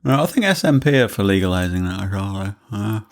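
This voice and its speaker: Rambling podcast host, lowish voice. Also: male voice, very animated, brisk. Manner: rambling, joking, laughs often. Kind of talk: casual chat.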